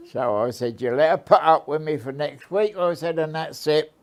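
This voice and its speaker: An older man, recounting his past in an oral history interview and acting out old conversations. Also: fairly high pitch. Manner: unhurried, repeats himself, acts out old conversations.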